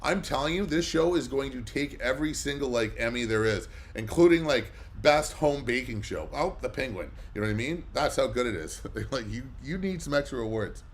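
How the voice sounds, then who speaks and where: A man's voice: mid-range voice, animated, a little fast, few pauses, a little hiss or hum. A man hosting a live comic book auction, chatting casually and rambling with lots of fillers between bids. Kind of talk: casual livestream chat.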